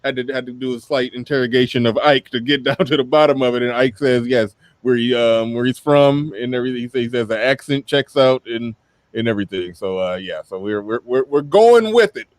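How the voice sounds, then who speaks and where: An American livestream host chats loosely and rambles, laughing often and repeating himself. His mid-range voice is fairly quick with fairly even intonation, and the recording has no room sound.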